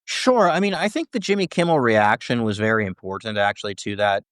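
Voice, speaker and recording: A man's voice: fairly low pitch, expressive, fairly quick, a bit bright, smooth, no room sound, studio quality. A man answering interview questions as a scholar, talking in long explanations and checking in with "right?" between points. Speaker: First Amendment scholar guest.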